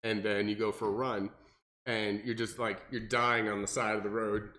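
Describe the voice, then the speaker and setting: A man, a personal trainer co-hosting a podcast, talking casually and animatedly with lots of fillers and restarts. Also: moderate pace. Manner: animated, mimics people in exaggerated high voices, many fillers and restarts.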